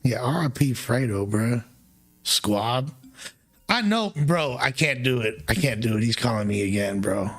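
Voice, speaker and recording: A man hosting a casual live chat, talking in loose slang and jumping his pitch up for emphasis. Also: lively intonation, unhurried. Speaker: streamer host.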